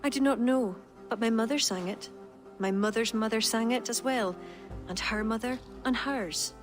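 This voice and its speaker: A woman's voice: on the high side, moderate pace, lightly acted. An actress with an Irish accent voicing a proud, witty woman court poet who speaks in a teasing, lilting way, with game music behind.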